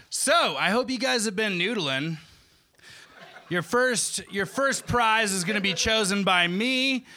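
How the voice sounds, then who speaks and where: A man's voice: sits high, bright, forceful tone, a little hiss or hum. A man hosting a live comedy show, loose and joking with profane banter.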